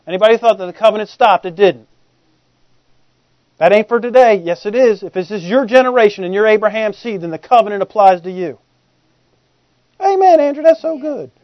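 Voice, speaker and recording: Male pastor, high voice, jokey and conversational sermon, dry and dull lo-fi recording. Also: a little fast, no room sound. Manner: humorous, conversational, asks the congregation questions.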